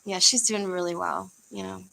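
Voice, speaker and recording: A woman's voice: lowish voice, fairly even intonation, normal speed, vocal fry, bright, forceful tone, low-quality recording. A young woman from the United States chatting casually on a livestream, rambling with fillers and easy laughs. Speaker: livestream host.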